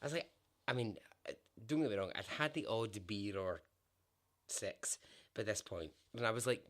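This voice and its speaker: A Scottish man hosting a podcast, telling a story in a casual, animated way, laughing often and swearing now and then. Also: lowish voice, moderate pace.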